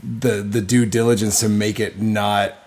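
A man's voice: fairly low pitch, unhurried, husky. A man co-hosting a podcast in casual chat, joking and swearing freely. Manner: animated, profane, joking. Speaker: podcast co-host.

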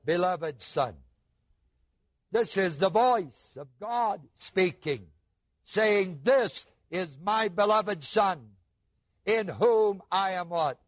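Slow, high-voiced male preacher. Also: expressive, no echo. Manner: slow, emphatic preaching with rhetorical questions to the audience. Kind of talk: sermon.

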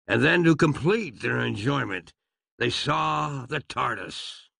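A man narrating a comic western audiobook with a wry, lively storytelling manner. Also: mid-range voice, slow pace, creaky, dry recording.

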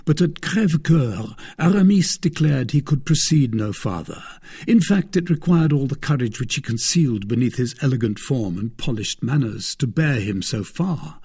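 A man narrating a classic adventure novel in a steady, even reading voice. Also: mid-range voice, normal speed, slightly rough. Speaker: audiobook narrator. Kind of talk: scripted narration.

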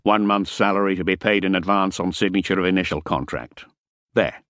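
A man's voice: sits low, steady tone, fairly quick, a bit bright, no echo. A man voicing an impatient, domineering French ex-soldier who talks curtly and irritably.

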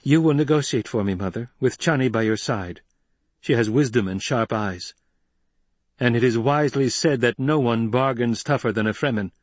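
A man voicing a young male ruler who gives cold, measured commands, slightly husky. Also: medium pitch, no room sound, lightly acted. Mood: commanding.

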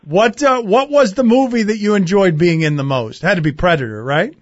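A male radio host interviewing a guest with brisk, pointed questions. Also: high-pitched, lively intonation, no echo, lo-fi sound.

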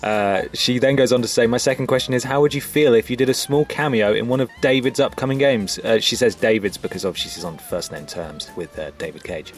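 A man's voice: mid-range voice, brisk, few pauses, faint music behind. A man hosting a podcast, chatting casually and dry in manner. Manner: dry, wry. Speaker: podcast host. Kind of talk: casual chat.

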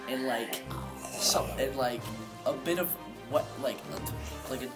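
A man's voice: medium pitch, unhurried. Male game master, casual stop-start narrating, background music.

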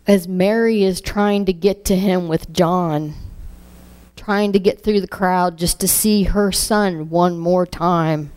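Very slow, halting woman giving testimony. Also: lowish voice, fairly even intonation, clean tone. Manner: halting, emotional, with repeated words and hushed moments. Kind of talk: emotional spoken testimony.

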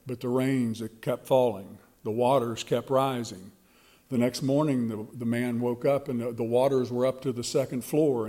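A man preaching a sermon and telling a story with slow, emphatic delivery. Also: medium pitch, warm tone.

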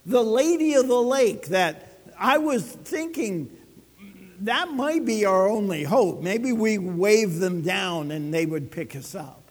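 A man preaching a sermon, telling a story with dramatic swings between loud and soft. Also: high voice, lively intonation, slow, long reverb tail. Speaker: pastor.

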